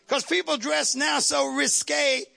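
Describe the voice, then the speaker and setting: A man preaching a sermon to his congregation, calling out to the crowd and shouting at the peaks. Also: very high voice, steady tone, unhurried, gravelly. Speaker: pastor. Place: church sanctuary.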